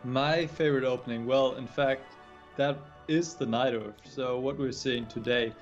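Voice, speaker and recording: A man's voice: medium pitch, fairly even intonation, moderate pace, faint music behind. Man explaining chess over lo-fi audio. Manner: thoughtful, explains patiently with frequent restarts. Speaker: chess grandmaster guest. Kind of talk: casual livestream chat explaining chess.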